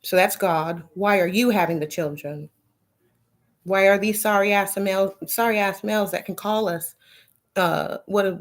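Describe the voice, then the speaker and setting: A woman vlogger talks straight to her viewers in a heated rant. Her voice sits at an ordinary middle pitch. She is blunt and profane and keeps firing rhetorical questions. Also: steady tone, a little slow. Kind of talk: ranting monologue to camera.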